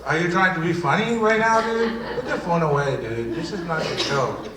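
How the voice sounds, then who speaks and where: A man's voice: on the high side, normal speed, a crowd in the background, natural voice. A man playing a brash immigrant joker, Spanish accent. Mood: flustered. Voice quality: lively, rambling, stammering delivery. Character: fast-joking male immigrant comic, defensive and brash. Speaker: improv performer. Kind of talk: live improv comedy. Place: theater stage before an audience. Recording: roomy hall, distant mic, loud noise.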